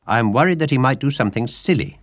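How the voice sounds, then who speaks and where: A man's voice: mid-range voice, animated, fast, no echo, studio quality, voice pushed up, close to an everyday voice. A man voicing a stern, bossy male water rat who speaks in a commanding, emphatic way. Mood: earnest.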